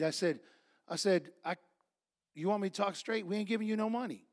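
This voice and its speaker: A male pastor preaching a sermon, reading scripture and telling stories, building to loud shouts. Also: high-pitched, a little fast, creaky.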